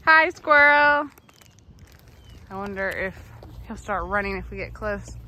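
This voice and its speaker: A woman's voice: medium pitch, little pitch movement, moderate pace, a bit bright, a little hiss or hum. A young woman vlogging a child's nature walk outdoors in a park, chatty and upbeat with frequent laughter. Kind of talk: casual narration to viewers.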